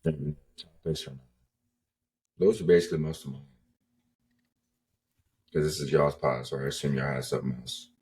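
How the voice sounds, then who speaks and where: A man's voice: very deep voice, big pitch swings, moderate pace, vocal fry, long pauses, darkish tone, slightly rough. A man appearing as a guest on a podcast, chatting casually in a laid-back, teasing way. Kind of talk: casual chat.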